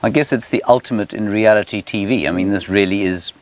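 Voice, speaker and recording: A man's voice: lowish voice, fast, distant mic. A man presenting a live safari show, chatting playfully with a colleague, teasing and stumbling over fillers. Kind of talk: light-hearted on-air chat.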